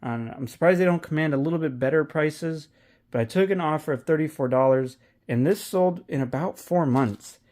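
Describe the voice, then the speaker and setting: A man's voice: a little high, moderate pace, a little mellow. Candid, profane reselling vlogger man. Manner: candid, profane, rambling with restarts. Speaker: online reseller. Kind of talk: casual vlog commentary.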